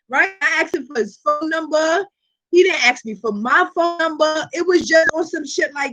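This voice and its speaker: High-voiced woman, vlog host, animated profane storyteller, keeps checking in with viewers. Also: normal speed. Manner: frequent rhetorical check-ins to viewers. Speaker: tarot reader and channel host.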